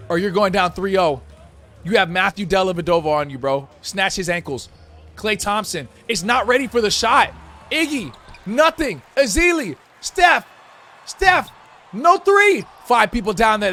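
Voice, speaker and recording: A high-voiced man calls a basketball video game in a mock sportscaster style, full of slang. He gets loud and shouts at big plays. Faint music plays underneath. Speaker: gaming YouTuber.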